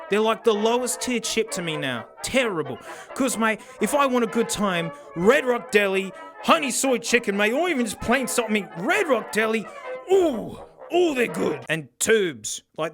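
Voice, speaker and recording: Excitable Australian man saying "mate". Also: high voice. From South Australia. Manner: excitable, slangy, says "mate" constantly. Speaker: tech reviewer and host. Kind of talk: comedic video monologue. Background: background music.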